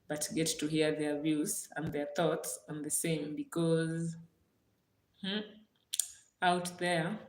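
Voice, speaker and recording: A woman's voice: sits low, roomy sound. A young Kenyan woman with a Kenyan accent hosts a casual live stream, reading viewer comments aloud and thanking each person by name.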